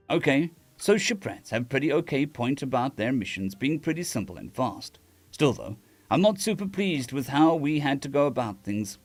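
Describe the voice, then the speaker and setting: A man's voice: mid-range voice, big pitch swings, moderate pace, soft background music. A man reading a story aloud on a live stream, with casual restarts and asides to chat.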